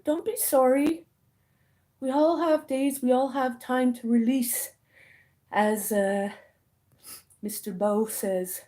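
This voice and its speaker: A woman's voice: high voice, far from the mic. A woman vlogger chatting casually to camera, reading out viewer comments and reacting bluntly, swearing when annoyed. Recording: roomy, from away from the mic.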